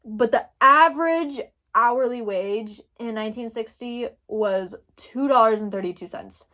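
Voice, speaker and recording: Speaking a little slowly in a slightly high, bright and forceful voice, a young woman from Texas offers casual commentary. She thinks aloud as she goes, rambling and leaning heavily on filler words.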